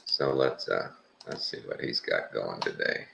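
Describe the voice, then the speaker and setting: Deep, gravelly Texan host; rambling, offhand reaction commentary. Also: male voice, expressive, unhurried, a bit bright, echoey room, slight background noise. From Texas. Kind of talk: casual commentary while watching clips.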